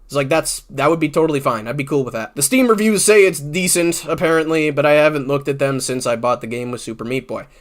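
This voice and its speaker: A man's voice: on the high side, fast talker, few pauses. Exasperated sarcastic man ranting. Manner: exasperated, sarcastic, swears often, many restarts. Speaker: YouTuber. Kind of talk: ranting commentary on comments.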